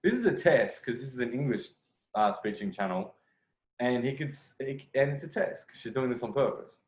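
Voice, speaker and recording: A man's voice: mid-range voice, animated, normal speed. A man giving casual, blunt commentary on a video as a dating coach, swearing freely and restarting his phrases. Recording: echoey room, lo-fi sound.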